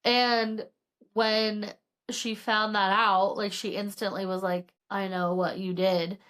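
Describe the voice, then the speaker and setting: A woman co-hosting a casual book podcast, rambling through the plot with constant fillers. Her pitch sits in the middle range, and her tone is relaxed and conversational as she acts out what the characters said. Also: takes it slowly. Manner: rambling, heavy filler use, retells dialogue. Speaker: podcast co-host. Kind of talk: casual book recap chat.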